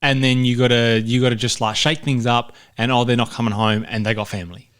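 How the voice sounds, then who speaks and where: A man's voice: medium pitch, fairly even intonation, brisk, a bit bright. A man co-hosting a podcast, talking movies in a casual, emphatic way and repeating phrases for punch. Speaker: podcast co-host. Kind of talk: casual movie review chat.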